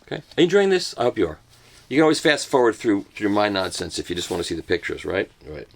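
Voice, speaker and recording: An older man talks casually as he unboxes a set of records, tossing off jokes at his own expense as he goes. His voice is low and carries a gravelly edge. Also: animated, fast. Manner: joking, self-mocking asides. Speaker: host reviewing a record box set.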